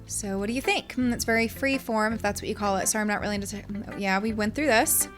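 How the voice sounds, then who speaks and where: A woman's voice: mid-range voice, fast, soft background music. A young woman giving casual, reactive gameplay commentary, talking to herself and swearing as she plays. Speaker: gaming YouTuber.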